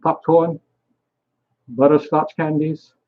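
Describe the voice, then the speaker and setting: A man's voice: a little high, level tone, slow pace, phone-quality sound. A young man vlogging a rambling solo monologue, swearing often and trailing off mid-thought.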